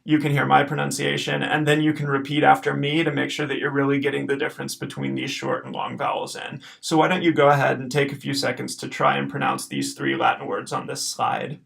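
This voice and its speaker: Patient man with a gravelly voice teaching. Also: medium pitch, fairly quick, few pauses, fairly bright tone. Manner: patient, explains step by step, checks in with okay. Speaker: Latin teacher. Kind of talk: recorded homework lesson over slides.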